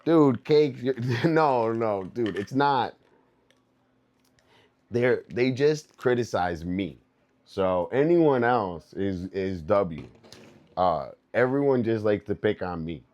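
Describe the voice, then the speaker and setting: A man's voice: lowish voice, lively intonation, takes it slowly, a little mellow, lo-fi sound. A young man livestreaming in loose, rambling casual chat, laughing often and calling his viewers dude and bro.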